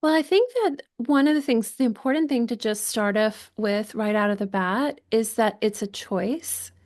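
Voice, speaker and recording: A woman's voice: fairly high pitch, lively intonation, normal speed. A woman guest physician speaking reflectively in a podcast conversation, thoughtful and searching with restarts. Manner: thoughtful, searching, with frequent restarts and soft laughs.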